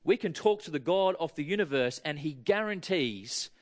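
A man's voice: fairly high pitch, expressive, normal speed. A man giving a sermon, chatting and joking with his congregation. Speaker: preacher. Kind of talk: sermon with audience interaction.

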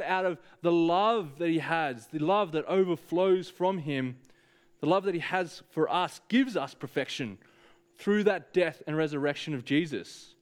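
A man preaching a sermon, speaking earnestly and directly to the congregation with frequent hesitations. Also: on the high side.

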